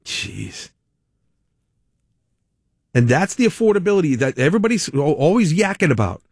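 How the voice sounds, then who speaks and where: A man's voice: a little high, big pitch swings, normal speed, pauses often, slightly rough, dry recording, clean studio sound. A man hosting a talk radio show, delivering a sarcastic, mocking monologue with frequent laughs.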